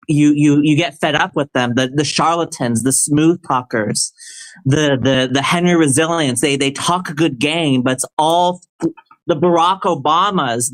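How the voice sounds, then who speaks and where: A man with a slightly high voice talks on a livestream, rambling, stumbling over his words and restarting often. When he rants, his tone turns heated and confrontational. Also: fairly bright tone, low-quality recording. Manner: rambling, with many restarts and stammers. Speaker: livestream guest answering a question. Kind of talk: casual livestream chat.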